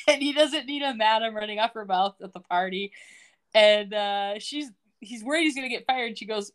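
A woman's voice: fairly high pitch, moderate pace. A woman co-hosting a podcast, recapping a TV episode in casual chat, laughing often and quoting the characters. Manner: laughs often, retells scenes in quoted voices. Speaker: podcast co-host.

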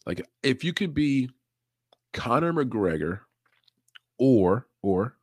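A man's voice: mid-range voice, big pitch swings, slow, a little mellow, breathy edge, no room sound, studio quality. A man hosting a casual livestream podcast, talking loosely with swearing and frequent laughs. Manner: loose, profane, laughs often. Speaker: podcast host.

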